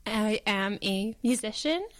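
A woman's voice: medium pitch, animated, slow. A woman introducing herself in an upbeat, playful way. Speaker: musician, interviewee. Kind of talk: self-introduction.

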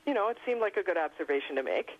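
A woman, an author guest on a radio interview, telling lively anecdotes and often laughing. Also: on the low side, rapid-fire, highs cut off. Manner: animated storyteller, laughs often.

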